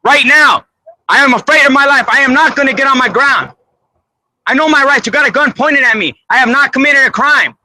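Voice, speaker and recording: In a low-quality, dry recording played from a video clip, a man filming a police stop speaks in an extremely high, brisk, bright and forceful voice. Frightened, shaken and crying in a roadside standoff, he keeps pleading on camera that he poses no threat.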